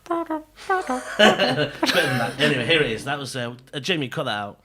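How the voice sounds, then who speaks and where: Podcast co-host from England, bright, animated, enthusiastic storyteller. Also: male voice, mid-range voice, normal speed, heavy background noise. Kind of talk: casual chat.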